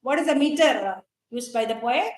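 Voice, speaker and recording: Indian English woman, teacher, high voice, echoey classroom, questions students, many fillers. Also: expressive, a little fast. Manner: explains terms and quizzes students, with frequent fillers. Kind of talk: classroom lecture on a poem.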